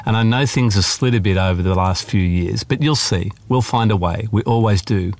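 A man voicing a middle-aged father who reasons calmly with his daughter, then turns belligerent and shaken. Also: lowish voice, normal speed, no room sound, natural voice. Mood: reasoning. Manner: patient, then belligerent and pleading.

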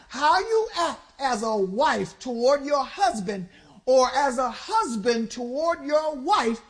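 A high-pitched woman preacher delivers a fervent sermon, exhorting the church and calling on it to answer back in call-and-response. She swings between slow, stressed phrases and quick bursts.

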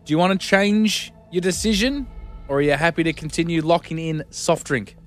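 A man's voice: a little high, normal speed, a bit bright. A man with an Australian accent hosting a radio segment, teasing callers with cheeky banter. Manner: cheeky, teasing, lots of mate and laughs. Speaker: radio host.

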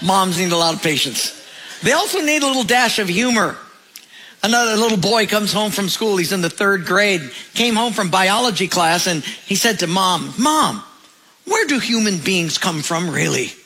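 A man with a high, bright voice preaches a sermon. He tells humorous anecdotes with lively timing and acts out the characters in his stories. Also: normal speed, rough recording. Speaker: pastor.

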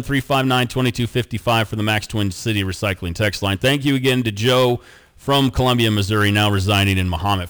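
Low-voiced man hosting local radio. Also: fairly bright tone, smooth. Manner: easygoing, laid-back reader of community notices. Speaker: radio talk show host. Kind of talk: radio show host reading listener texts and announcements.

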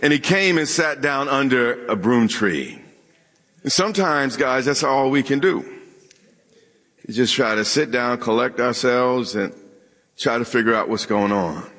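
A man's voice: mid-range voice, a little slow, fairly bright tone. A man preaching a sermon to a congregation, joking and throwing questions at the room. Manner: preaching with humor and call-and-response questions to the congregation. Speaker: pastor. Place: church sanctuary with a congregation. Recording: long hall reverb.

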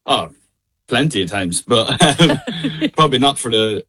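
A man with a middle of Ireland accent, a guest singer chatting casually in a radio interview over a call, relaxed, laughing often and full of fillers and restarts. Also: medium pitch, unhurried, slightly rough. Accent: Irish, middle of Ireland. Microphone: call line.

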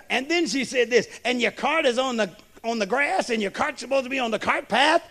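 A man preaching a sermon as a pastor, slow and emphatic, tossing in "amen" and questions to the congregation. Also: very high-pitched, animated, fairly bright tone, a faint crowd. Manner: preaching with call-and-response asides; slow, emphatic delivery with storytelling.

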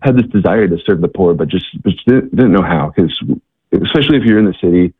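A man talking as an interview guest, telling stories in a halting way, with many fillers and repeated words. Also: low-pitched, expressive, breathy edge, dry recording. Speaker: guest, charity worker. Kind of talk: casual interview storytelling. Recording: tinny, dry phone-like line.

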